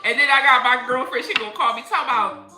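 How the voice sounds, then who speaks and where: Her high voice races along as she hosts a spiritual livestream, trading casual chat and stories punctuated by plenty of laughter. The animated storyteller is recorded in an echoey room where faint music can be heard.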